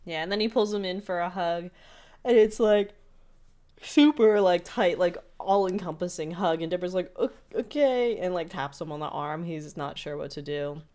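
A woman's voice: lowish voice, fairly even intonation, darkish tone. A woman co-hosting a podcast, casually recapping an episode scene by scene with lots of "like"s. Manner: retells scenes with many "like"s and quick character impressions. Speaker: podcast co-host.

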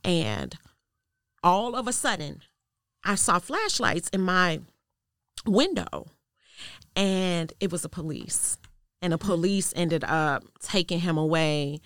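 A woman guest sharing a personal testimony in an interview, telling it in an earnest, measured way that goes quiet at the tense parts. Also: lowish voice, sing-song, no room sound, clean studio sound. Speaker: podcast guest.

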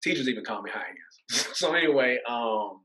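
Animated man telling stories. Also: medium pitch, brisk, low-quality recording. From Atlanta, USA. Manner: animated storyteller, acts out quoted voices, laughs often. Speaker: interview guest. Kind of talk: casual faith testimony.

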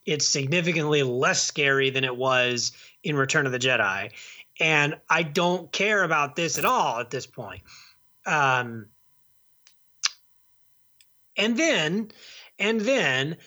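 A man's voice: a little high, animated, unhurried, pushed and bright. A man co-hosting a movie podcast, chatting casually and rambling, with many restarts and repeated words. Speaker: podcast co-host reviewing movies. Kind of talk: casual chat.

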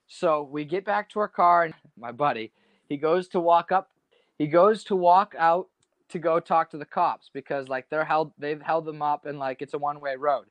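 A young adult man casually telling a wild story, animated and slangy, saying "dude" a lot. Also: fairly high pitch, normal speed, no room sound, dull audio.

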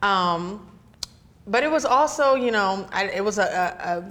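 A woman's voice: medium pitch, animated, unhurried, fairly bright tone. A woman from California, a singer-songwriter guest, chatting casually in an interview and often tagging her sentences with "you know?".

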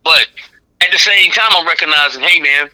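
Man, middle-aged comedian, podcast chat, very bright tone, slightly high voice. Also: moderate pace, low-quality recording. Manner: animated, acts out crowd and director voices.

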